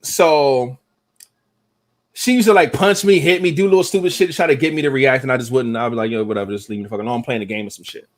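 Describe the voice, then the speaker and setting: A young man hosting a podcast, telling a profane story in casual, animated talk. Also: mid-range voice, fast. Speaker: podcast host.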